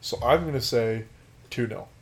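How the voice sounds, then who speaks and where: A man's voice: medium pitch, moderate pace. Dry-witted American man chatting soccer. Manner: dry, teasing, laughs easily. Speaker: podcast co-host. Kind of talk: casual sports podcast chat.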